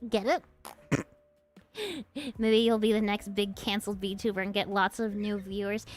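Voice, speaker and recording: A woman's voice: mid-range voice, flat delivery, moderate pace, faint music behind. A woman streamer in casual chat, giggly, playful and rambling.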